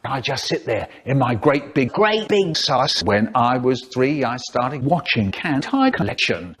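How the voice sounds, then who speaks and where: A man's voice: mid-range voice, sing-song, a little slow, a bit bright, slightly rough. A man telling a rambling comic story in a parody birthday collab, jumping into character voices. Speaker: narrator.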